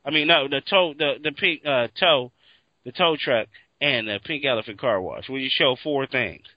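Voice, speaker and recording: A man from Seattle in casual chat, talking in an animated, profane way and acting out his own reactions. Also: medium pitch, normal speed, no room sound. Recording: dull, lo-fi, dry sound.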